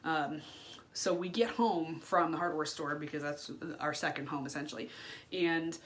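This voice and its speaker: A woman's voice: low-pitched, normal speed, a little hiss or hum. A woman in her thirties speaking frankly in a personal vlog, swearing freely, with lots of ums and asides. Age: 30s. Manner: frank and unfiltered, swears freely, many fillers. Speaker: vlogger. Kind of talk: candid personal vlog monologue.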